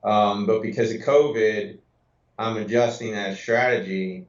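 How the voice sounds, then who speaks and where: Man, low voice, casual sports chat, roomy echo, dull lo-fi sound. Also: fairly even intonation, a little slow. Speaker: podcast co-host.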